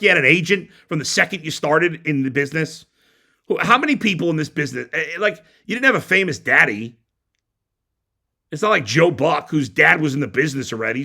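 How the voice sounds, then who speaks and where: A man's voice: medium pitch, sharp tone. A man hosting a sports talk show, ranting bluntly and heatedly with frequent stumbling restarts. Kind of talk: opinionated sports radio rant.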